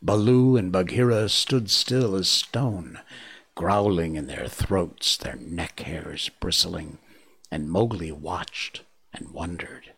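A man narrating a classic storybook in a measured, hushed manner. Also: low-pitched, gravelly, slightly rough.

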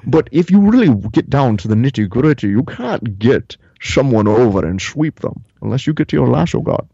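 A man's voice: mid-range voice, big pitch swings, moderate pace, gravelly, warm tone, husky, dry recording, exaggerated voice. A man putting on a slurred, drawling impression of an older male movie star, recorded with a slightly dull lo-fi sound. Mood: smug.

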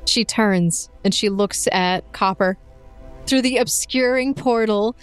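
A woman narrating as game master of a tabletop game, lively and playful, often laughing. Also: mid-range voice, slow pace, smooth, soft background music.

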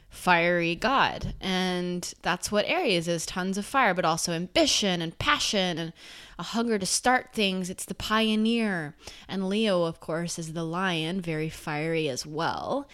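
A woman talking earnestly to camera in a casual, conversational way, turning emphatic one moment and soft the next. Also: fairly low pitch, clear, resonant tone. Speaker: self-help speaker.

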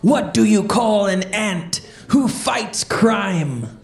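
A woman's voice: medium pitch, lively intonation, extremely slow, pitched below the performer's own voice. A woman voicing a jolly male pirate comedian with growly pirate talk for a children's stand-up podcast. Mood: joking. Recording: roomy echo.

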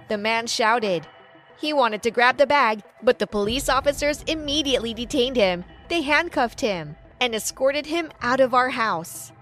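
A woman narrates an animated first-person story with dramatic storybook flair. Her voice sits high. Faint music plays beneath her. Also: moderate pace.

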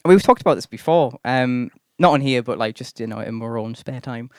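A man's voice: mid-range voice, brisk, no room sound, studio quality. A man, a podcast host and gigging musician, chatting casually and telling rambling stories with lots of fillers. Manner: chatty storyteller, full of fillers and mock voices. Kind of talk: casual chat.

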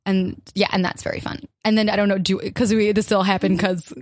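A young woman, a guest on a comedy podcast, tells stories in an animated, giggly way full of "like" and "um". Her voice is of middle height, and the close mic sounds dry. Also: mid-range voice, a little fast, dry recording. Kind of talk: casual comedy podcast chat.

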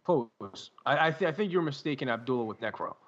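A man co-hosting a podcast in casual chat, cursing freely and telling animated stories. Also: mid-range voice, a little fast. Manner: profane, animated storyteller. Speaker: podcast co-host. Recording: dull lo-fi sound.

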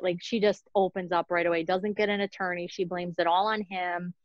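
A woman's voice: on the low side, steady tone, moderate pace, no room sound. A woman hosting a true-crime podcast, chatting casually and rambling through the story with plenty of fillers and little laughs. Her voice comes through dull and lo-fi, close and dry with no room sound. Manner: chatty, many fillers and giggles. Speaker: podcast host.

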